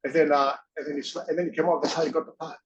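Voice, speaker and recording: A man interviewed as a guest, telling stories in a rambling, excitable way, acting out quotes and swearing now and then. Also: on the high side, highs cut off, slight background noise. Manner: excitable rambling storyteller, acts out quotes, swears, halting grammar. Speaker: interview guest, former wrestler and actor. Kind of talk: casual storytelling.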